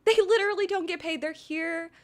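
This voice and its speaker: High-pitched girl on a live stream, gushy and excitable, then goes quiet and earnest. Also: brisk. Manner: effusive and gushing, swings between loud excitement and soft earnestness. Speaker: livestream host. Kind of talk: casual live stream chat.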